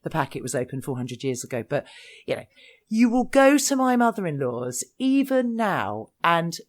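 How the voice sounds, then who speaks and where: Casting: woman podcast host, lowish voice, chatty and easygoing. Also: big pitch swings, moderate pace. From North London. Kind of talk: casual podcast chat.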